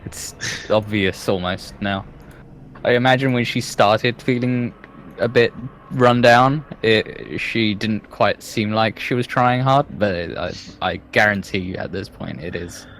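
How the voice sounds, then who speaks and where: A man narrating his character's actions in a tabletop game, speaking in a halting, hesitant way. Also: on the low side, fairly bright tone, a little hiss or hum. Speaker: player.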